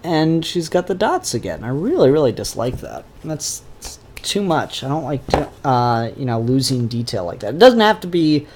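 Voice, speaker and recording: A man's voice: on the high side, very animated, normal speed, background noise. A man casually reviewing comic books, rambling and opinionated with frequent fillers.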